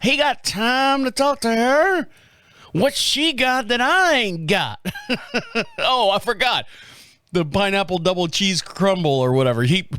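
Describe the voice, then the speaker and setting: A man in his fifties tells a long, wandering story with a fairly high voice for a man. He cusses freely and keeps chuckling at his own tale. The sound is close and dry. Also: a bit bright, no echo. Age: 50s. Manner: chatty, profane, often laughing at his own stories. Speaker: podcast host. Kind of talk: casual rambling storytelling monologue.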